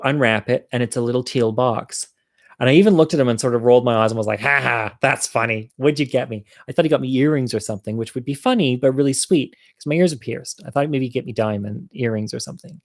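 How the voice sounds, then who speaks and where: A man recounts a personal story in an easygoing, foul-mouthed manner, slipping into quoted dialogue as he goes. His voice sits at an ordinary middle pitch. The recording is dry and close, with no room sound. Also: a little mellow, dry recording. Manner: casual, profane, acts out quoted dialogue. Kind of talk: personal story told to an audience.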